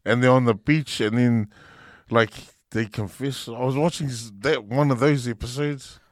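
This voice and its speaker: Easygoing podcast co-host, man, mid-pitched, dry close sound. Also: fairly even intonation, normal speed, no room sound. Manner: easygoing, laughs often. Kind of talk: casual chat.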